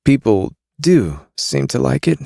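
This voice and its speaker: Man voicing a wry queasy smuggler, raised pitch, whiny quips, husky edge, audiobook character. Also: very animated, measured pace, mellow, no room sound, studio quality, full character voice. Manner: wisecracking and whiny.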